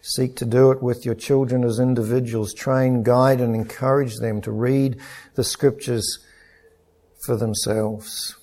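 A middle-aged pastor preaching an earnest, measured sermon with stories. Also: male voice, medium pitch, little pitch movement, warm tone.

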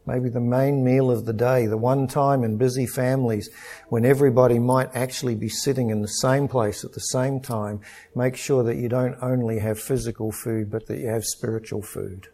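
A middle-aged pastor preaching an earnest, measured sermon with stories. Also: male voice, mid-range voice, dark tone.

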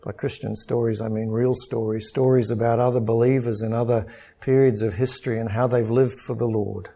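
A middle-aged pastor preaching an earnest, measured sermon with stories. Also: male voice, medium pitch, fairly even intonation, gravelly, warm tone.

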